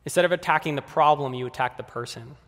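A man's voice: fairly high pitch, fast talker, a bit bright, in a large hall. A man preaching a sermon in a conversational way, speaking directly to the kids and the adults in the congregation.

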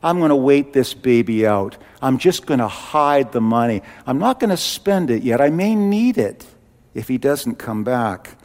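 A man doing a cautious, low-voiced servant. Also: lively intonation, a little slow, darkish tone, big-room sound. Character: cautious, hedging male servant.

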